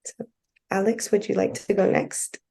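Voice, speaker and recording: A woman co-host reads her poem in a slow, deliberate cadence. Her voice is gravelly and dark, and it stays fairly level in pitch. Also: little pitch movement. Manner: slow, deliberate poetry reading. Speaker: podcast co-host. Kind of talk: co-hosting and reading her own poem aloud.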